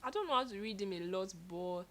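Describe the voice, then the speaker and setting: A young woman telling stories in a casual chat with her partner, expressive and animated, laughing as she goes. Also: medium pitch, fairly quick. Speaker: co-host.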